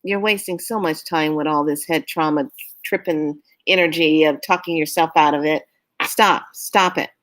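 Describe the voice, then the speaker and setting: A woman's voice: low-pitched, steady tone, moderate pace, a bit bright. A woman giving a casual spiritual talk, earnest and urging, who often laughs while telling stories. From California. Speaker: spiritual vlogger.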